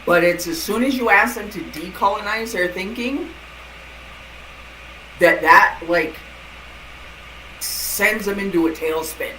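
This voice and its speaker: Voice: mid-range voice, slow pace, pauses often, bright, forceful tone, slight background noise. Thoughtful guest in a roomy, echoey call. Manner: thoughtful, searching for words. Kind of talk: casual conversation.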